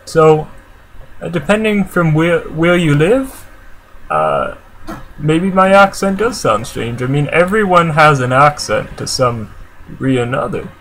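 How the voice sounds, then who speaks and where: A man's voice: fairly high pitch, big pitch swings, unhurried, fairly bright tone, slight background noise, low-quality recording. Chatty Canadian man answering comments. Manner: chatty and rambling, with many fillers and restarts. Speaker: vlogger. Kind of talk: casual talk to camera, answering comments.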